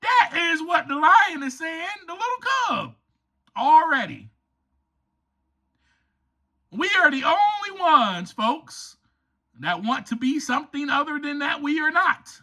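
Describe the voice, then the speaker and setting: A man's voice: very high-pitched, animated, slow pace, pauses often, pushed and bright. A man hosting a motivational podcast, speaking emphatically and enthusiastically and addressing listeners as friends. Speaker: podcast host and author.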